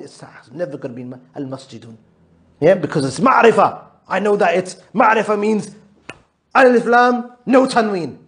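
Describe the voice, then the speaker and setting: High-voiced man teaching an Arabic class. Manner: patient, drills students with repeated questions; mixes English with Arabic terms. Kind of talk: live classroom lesson.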